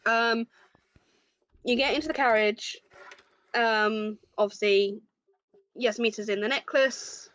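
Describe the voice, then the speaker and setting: A woman narrating a tabletop game as game master, describing scenes with frequent pauses. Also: a little high, fairly even intonation, fairly bright tone, no room sound.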